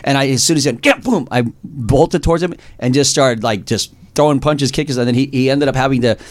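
A man's voice: medium pitch, brisk, no room sound. A male radio host in a casual interview, rambling and stumbling over his words, laughing often.

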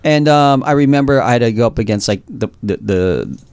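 A man's voice: mid-range voice, expressive, a little fast, a little mellow, smooth, no echo. A male radio host in a casual interview, rambling and stumbling over his words, laughing often.

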